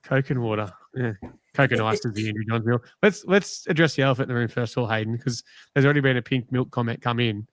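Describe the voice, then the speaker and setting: A man's voice: mid-range voice, quick pace, no room sound. An Australian man hosting a casual live podcast, teasing and joking with his panel. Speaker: podcast host. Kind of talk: casual live-stream chat.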